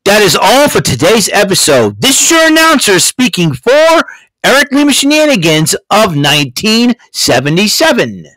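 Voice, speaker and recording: Host doing a grand male announcer voice, high-ish, for the outro. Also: wildly swooping pitch, normal speed, sharp tone, no echo, exaggerated voice, low-quality recording. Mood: announcing. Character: booming male show announcer.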